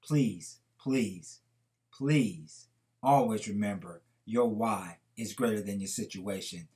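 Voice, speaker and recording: A man's voice: fairly low pitch, slow, mellow. A man hosting a podcast, telling a motivational story with earnest, preacher-like emphasis. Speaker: podcast host.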